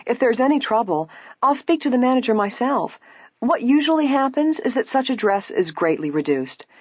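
A woman voicing a calm, kindly young woman sleuth who speaks evenly, in a slightly muffled recording. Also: a little high, normal speed, husky, no echo, voice pushed up. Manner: even, kindly.

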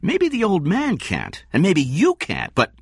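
A man's voice: sits high, wildly swooping pitch, unhurried, vocal fry, breathy edge, no echo, voice pushed up, heavily acted. A man voicing a blunt, principled male shoe executive in his forties, speaking dryly and firmly in a read story. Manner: dry, firm, plain-spoken.

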